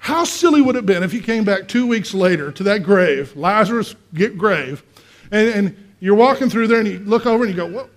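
A male pastor preaching a conversational sermon, asking the congregation questions and swinging between quiet and loud. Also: high voice, lively intonation, a little fast. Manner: acts out voices in quotes, swings from quiet to loud.

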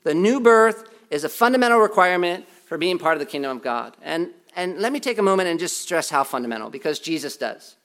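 A man's voice: sits high, expressive, fast, few pauses, a bit bright. A man preaching a sermon as pastor, emphatic and repetitive, with self-deprecating humor. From United States.

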